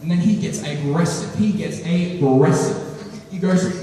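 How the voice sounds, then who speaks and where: A teenage boy performing a stand-up routine, telling a story with animated delivery and acting out lines. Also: high voice, moderate pace. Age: teens. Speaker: student comedian. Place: school hall. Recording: echoey hall from far off.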